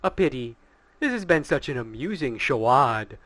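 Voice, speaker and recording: A giggling, sinister demon, voiced by a man reading a game villain's lines. It talks in a mocking way, with a bright, lively, sing-song pitch. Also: moderate pace, no echo. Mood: gloating.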